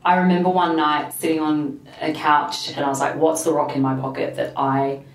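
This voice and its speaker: A woman being interviewed about her memoir, speaking in a thoughtful, casual way with drawn-out phrasing. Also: low-pitched, flat delivery. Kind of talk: reflective conversation. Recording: roomy, distant-mic recording.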